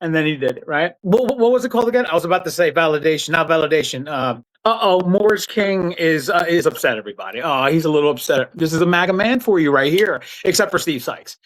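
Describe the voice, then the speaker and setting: A man's voice: a little high, lively intonation, quick pace, hardly any pauses, fairly bright tone, low-quality recording. A man giving sarcastic, profane political commentary on a live stream.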